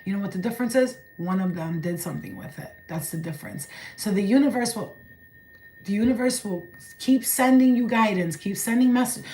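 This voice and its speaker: A woman with a New York accent, a spiritual channeler giving a blunt, profane, animated vlog message. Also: mid-range voice, fairly quick, roomy sound, a little hiss or hum, poor audio.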